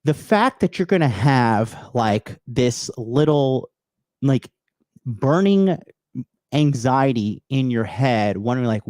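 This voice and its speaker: A man hosts an unscripted livestream rant of blunt, heavily profane dating advice, calling his viewers bros and reading chat messages aloud before answering them. His medium-pitched voice is lively in intonation, slow, and a little mellow. The studio sound is clean, with no room sound.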